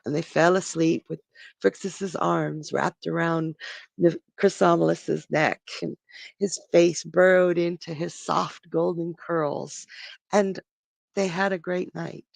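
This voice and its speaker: A storyteller on a live stream, narrating a myth dramatically, with pauses and restarts. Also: medium pitch, steady tone, creaky, no room sound.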